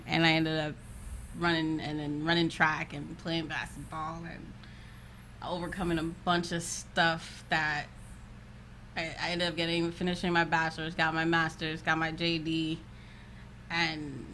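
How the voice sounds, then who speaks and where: A woman's voice: low-pitched, monotone, a little slow, pushed and bright, a little hiss or hum. A young woman guest in casual podcast chat, confident and playful, laughing often.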